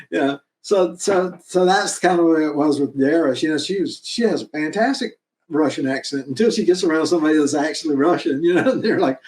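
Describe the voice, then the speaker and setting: A man's voice: a little high, a little fast, a little mellow. A man talking enthusiastically about producing his fan film episodes, rambling and laughing now and then. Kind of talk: casual interview chat. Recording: roomy echo.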